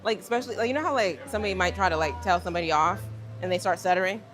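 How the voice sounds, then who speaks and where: Her voice sits on the low side with a fairly bright tone, and she races along as she chats with livestream viewers from a gym. This young fitness creator from Virginia, United States, talks them through her workout, addressing them as y'all over faint music.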